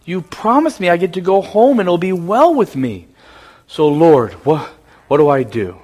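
A man preaching voices a frightened man praying in shame and fear, hushed and halting. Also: sits high, very animated. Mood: fearful pleading. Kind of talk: sermon, acted quote.

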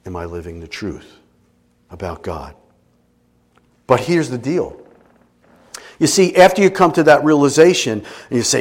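A middle-aged man preaching a sermon as a pastor, emotional and animated, dropping at times to quiet intensity. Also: medium pitch, unhurried, long pauses. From Italian family background.

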